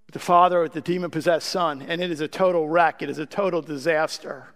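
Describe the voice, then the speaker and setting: A man's voice: on the high side, fairly even intonation, brisk, a bit bright. A man preaching a sermon as pastor, emphatic, often asking the congregation a rhetorical "what?". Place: church sanctuary. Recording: long reverb from a large church hall.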